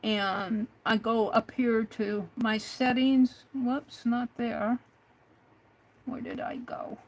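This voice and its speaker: A woman's voice: a little high, fairly even intonation, takes it slowly, a little hiss or hum, low-quality recording. A woman hosting a craft livestream, chatting casually and hesitantly with an AI assistant, with many fillers. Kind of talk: casual livestream talk to a chatbot.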